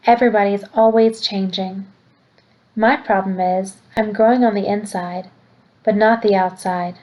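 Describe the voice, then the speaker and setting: A woman's voice: mid-range voice, fairly even intonation, normal speed, a little mellow, lightly acted. A woman reading aloud, voicing a small, clever, bossy boy who talks in a formal, lofty way. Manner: precise, lofty wording.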